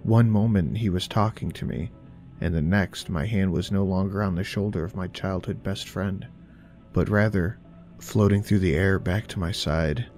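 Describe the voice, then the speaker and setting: A man narrating a horror story in a measured, steady storytelling manner. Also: low-pitched, faint music behind.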